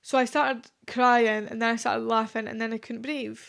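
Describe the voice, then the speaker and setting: A woman's voice: fairly high pitch, fairly even intonation, normal speed, vocal fry, a bit bright. A young woman in her twenties hosting a solo podcast, talking in a chatty, confessional way with lots of fillers. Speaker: podcast host. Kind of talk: casual solo podcast chat.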